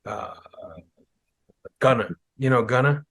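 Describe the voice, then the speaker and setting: A young man hosting a podcast in casual chat, telling stories with lively imitations of people. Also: slow pace, gravelly, dry recording. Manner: animated storytelling, mimics people in higher voices. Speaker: podcast host.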